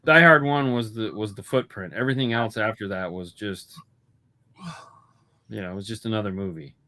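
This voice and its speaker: A man's voice: fairly low pitch, moderate pace, sharp tone. A man talking movies as co-host of a casual chat show. He rambles, swears freely and keeps restarting his sentences. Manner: rambling, profane, lots of restarts. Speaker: podcast co-host.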